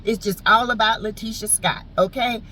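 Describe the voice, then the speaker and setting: A woman's voice: a little high, steady tone, moderate pace, pushed and bright, slight background noise, poor audio. A woman with a Southern US accent giving a sassy, teasing, slangy recap of a reality show in casual chat. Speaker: TV show reviewer.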